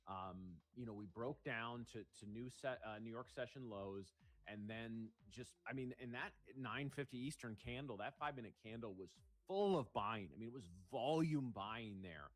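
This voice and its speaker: A man co-hosting a livestream, giving measured, analytical live trading commentary while thinking aloud. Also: mid-range voice. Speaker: day trader co-hosting a livestream.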